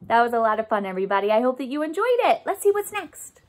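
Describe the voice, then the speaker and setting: A young woman leading a remote music therapy session for children, animated and sing-song, making instrument sounds with her mouth. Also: on the high side, fast talker.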